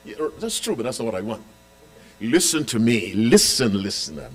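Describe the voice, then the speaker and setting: A man preaching a sermon as pastor, quizzing the congregation and repeating key lines, with loud emphatic declarations and quiet asides. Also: mid-range voice, big pitch swings, moderate pace.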